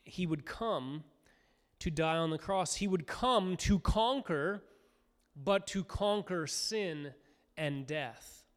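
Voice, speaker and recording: A man preaching a sermon in an earnest manner, climbing to fervent, higher cries when he voices the crowd. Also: slow. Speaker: pastor. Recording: hall reverb.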